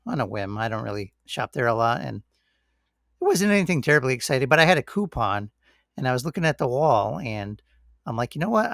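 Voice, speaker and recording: Gravelly man on a casual podcast. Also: mid-range voice, dry recording, studio quality. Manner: relaxed, rambling, says "like" and "you know" a lot. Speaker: podcast co-host. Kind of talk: casual chat.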